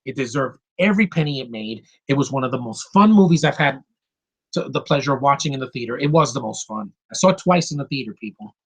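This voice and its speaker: A man giving an excited, ranting film review, swearing and acting out lines from the movie. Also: medium pitch, fast talker, breathy edge.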